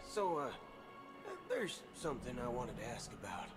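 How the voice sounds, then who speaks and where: A man's voice: mid-range voice, very animated, normal speed, natural voice. A man voicing a wary cowboy traveler in a game, with a subtle Southern US drawl and an easygoing delivery over game music. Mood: probing. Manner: easygoing, with a light drawl on some words. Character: wary male cowboy traveler asking about rumors. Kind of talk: game voice acting.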